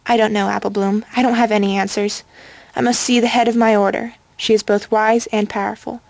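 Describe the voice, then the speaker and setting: A woman's voice: medium pitch, level tone, fairly quick, gravelly, darkish tone, no echo, natural voice. A woman voicing a grave, wise young unicorn mentor in a storybook reading. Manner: solemn and earnest.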